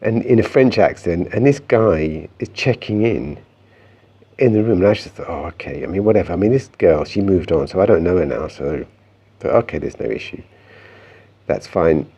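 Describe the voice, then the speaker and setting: A man's voice: sits low, expressive, moderate pace, mellow, slightly rough, highs cut off. A man telling a reflective personal story in a meandering, conversational way, often restarting his sentences. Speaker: vlogger.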